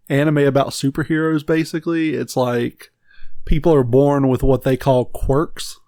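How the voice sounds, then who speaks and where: A man's voice: mid-range voice, a little mellow, no room sound. A man co-hosting a podcast, rambling bluntly with frequent swearing in casual chat. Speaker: podcast co-host.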